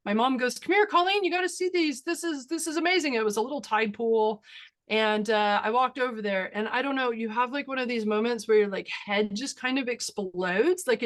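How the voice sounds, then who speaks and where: A woman photographer and workshop instructor giving a webinar presentation and answering questions, talking enthusiastically with lots of fillers and laughter. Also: mid-range voice. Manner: enthusiastic, animated storytelling with frequent fillers and laughs. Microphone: video call.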